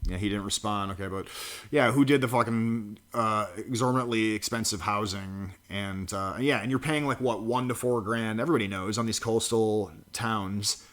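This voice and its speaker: Low-voiced man ranting profanely. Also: normal speed, a bit bright. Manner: profane, mocking rant with frequent laughs. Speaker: political commentary vlogger. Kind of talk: reaction commentary.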